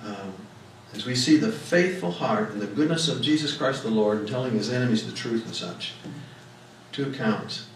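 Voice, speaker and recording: Folksy pastor preaching in an echoey hall. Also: male voice, medium pitch, normal speed, distant mic, slight background noise. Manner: folksy storytelling, emphatic rises on key words. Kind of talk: sermon. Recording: echoey room mic'd from afar.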